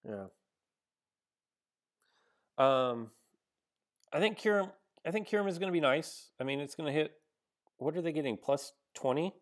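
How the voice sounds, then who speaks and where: Guy streaming a card game, thinking out loud, lots of ums and likes, chatting with viewers as he plays. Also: on the high side, normal speed, long pauses. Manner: hesitant, thinks aloud with many ums and likes; chats with viewers between moves. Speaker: gaming streamer. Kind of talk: casual live-stream game commentary.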